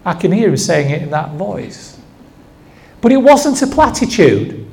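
A man's voice: high voice, very animated, measured pace, vocal fry, darkish tone. A man in his sixties preaching a sermon, telling a story and asking the congregation rhetorical questions.

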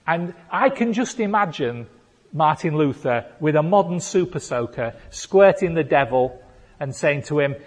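A male pastor, preaching a playful sermon that builds to shouted declarations. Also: fairly high pitch, sing-song, normal speed. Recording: long hall reverb.

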